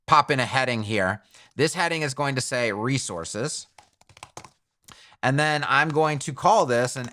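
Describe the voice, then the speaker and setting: A man's voice: medium pitch, sharp tone. A man teaching web design in a screen-recorded tutorial, thinking aloud in a chatty way and correcting himself as he goes.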